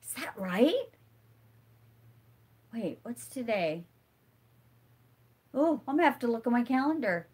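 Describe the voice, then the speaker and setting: A woman's voice: a little high, big pitch swings, unhurried, long pauses, a little mellow, slightly rough. A middle-aged woman with a stuffy nose hosts a casual live stream, chatting and answering viewer comments as they come in. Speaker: homesteading channel host.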